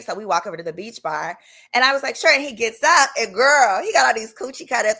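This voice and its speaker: Lively Southern-accented woman telling stories. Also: on the high side, a little fast. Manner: chatty, animated, drops into quoted voices. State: coughing, bothered by a cough. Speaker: attorney and channel host. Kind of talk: casual storytelling livestream.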